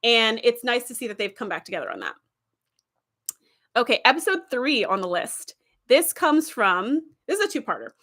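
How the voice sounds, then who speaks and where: A middle-aged woman in casual conversation, her voice sitting a little high. She tells stories with energy and jumps into acted quotes along the way. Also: moderate pace. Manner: animated storytelling with acted-out quotes. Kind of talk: casual enthusiastic chat.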